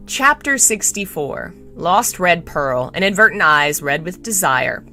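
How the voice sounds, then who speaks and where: A woman reading a novel aloud on a live stream, narrating in an expressive, animated way. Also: on the low side, a little slow, hardly any pauses, soft background music. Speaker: reader.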